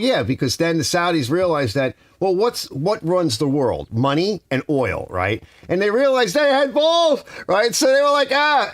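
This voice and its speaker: Older guy ranting in his garage, sarcastic, pitch jumping all over, dry close sound. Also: no echo. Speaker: garage channel host. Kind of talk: casual live-stream rant. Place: home garage workshop.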